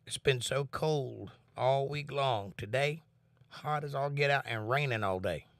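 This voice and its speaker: A man of middle pitch talks loosely and earnestly to his viewers, reading their comments aloud and sharing thoughts on faith. He sits close to the mic in a dry room at home. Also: a little slow, gravelly, dry recording. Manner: relaxed, earnest, talks about faith and reads chat comments. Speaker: livestream host. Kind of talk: casual chat with viewers.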